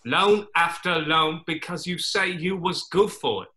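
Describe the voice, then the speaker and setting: A man voicing a menacing male raccoon loan shark with a Cockney accent in a comedy sketch read over a video call, talking in clipped broken grammar. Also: on the high side. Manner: slow, quietly threatening, clipped broken grammar.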